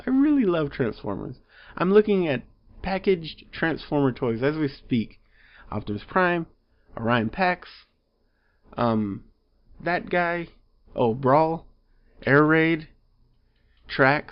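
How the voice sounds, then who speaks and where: A man casually reviewing a movie at home, rambling with lots of fillers and growing exasperated. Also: mid-range voice. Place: home room. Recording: slightly dull lo-fi audio.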